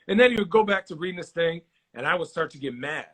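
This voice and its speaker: Husky man telling lively stories. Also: fairly high pitch, fast talker. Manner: animated storyteller, acts out quoted voices. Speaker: guest, former basketball player. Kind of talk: casual interview storytelling.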